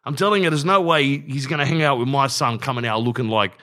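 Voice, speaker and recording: A man's voice: medium pitch, quick pace, bright, forceful tone, pitched above the performer's own voice, natural voice. A man voicing a blokey, insistent brother-in-law who says bro constantly.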